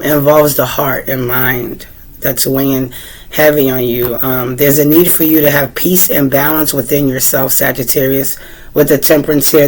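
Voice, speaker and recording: A woman's voice: very deep voice, rough recording. Chatty Boston woman reading tarot. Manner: chatty, asks the cards questions aloud, clears throat often. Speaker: tarot reader.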